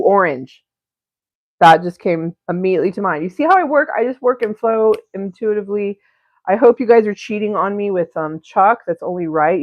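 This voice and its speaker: A woman's voice: fairly low pitch, no room sound. A woman hosts a live painting stream from home and chats in a meandering, giggly way, sprinkling in swears and half-finished thoughts. Her voice sits close and dry, with the dull, lo-fi sound of stream audio. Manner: rambling, giggly and profane, with frequent self-interruptions. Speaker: livestream painter and host. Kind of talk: casual live-stream chat while painting. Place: home studio.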